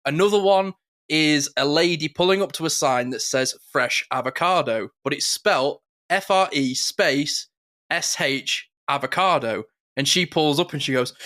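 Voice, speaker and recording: A man co-hosting a podcast in casual chat, animated and quick to mimic catchphrases. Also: a little high. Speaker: podcast co-host.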